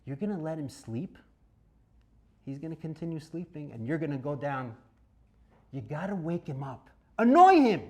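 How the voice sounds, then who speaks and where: A man giving a dramatic Torah lecture, swinging between loud bursts and hushed asides and asking his listeners questions. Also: a little high, normal speed, pauses often. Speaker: rabbi teaching a Torah class.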